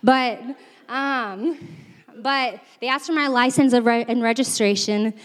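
A woman's voice: a little high, unhurried. A young woman on a church's staff, telling a self-deprecating story in a sermon, chatty and laughing often, with lots of fillers. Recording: long reverb from a large hall.

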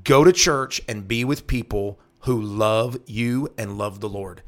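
An earnest man talks through the scripture as a pastor. He repeats key phrases and checks in with a quick "right?" as he works through each verse. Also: lowish voice. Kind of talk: devotional Bible teaching talk.

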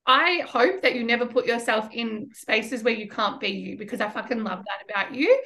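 A woman's voice: a little high, normal speed, bright, forceful tone. A woman hosting a podcast, chatting casually and affirming her guest, with casual swearing. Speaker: podcast host.

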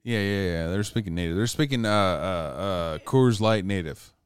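A man's voice: deep voice, moderate pace, smooth. Profane rambling man telling a campfire tale. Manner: profane, rambling, laughing between lines. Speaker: storyteller. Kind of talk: casual drunk storytelling.

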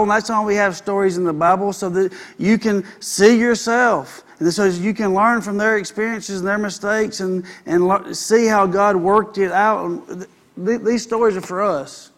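A man's voice: sits high, steady tone, normal speed, fairly bright tone. A man preaching a sermon, reading a Bible passage and then retelling it in plain, casual modern words, rising to emphatic points. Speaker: pastor.

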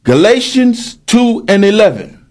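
A man preaching a sermon, reading scripture aloud and explaining it, with an emphatic delivery that rises to shouts on key points. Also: high voice, very animated, a little slow.

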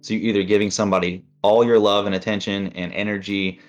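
A man's voice: on the low side, flat delivery, fast. A man chatting casually, rambling and acting out inner voices as he explains. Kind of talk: casual chat. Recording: dull lo-fi sound with faint music.

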